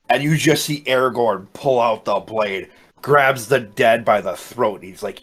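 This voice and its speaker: A man co-hosting a podcast, retelling movie scenes in a rambling, animated way with casual swearing. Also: mid-range voice, measured pace. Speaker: podcast co-host.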